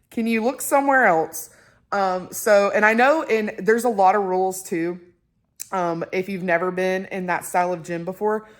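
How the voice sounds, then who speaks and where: A young woman, chatting casually to camera, excitable and full of fillers. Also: medium pitch. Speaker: vlogger.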